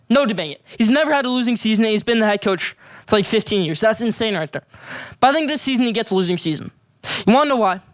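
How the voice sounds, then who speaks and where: A man's voice: extremely high pitch, a bit bright, no room sound. A young man hosting a solo sports show, giving emphatic, opinionated hot takes and rankings. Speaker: sports podcast host.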